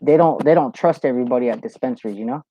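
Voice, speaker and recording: A man's voice: mid-range voice, very fast, noisy background. A man hosting a live Q&A, chatting loosely and profanely, telling stories and reading viewer comments. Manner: loose, profane, storytelling with lots of "you know". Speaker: host of a live Q&A show. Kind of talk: casual livestream chat, reading viewer comments. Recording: dull lo-fi, dry sound.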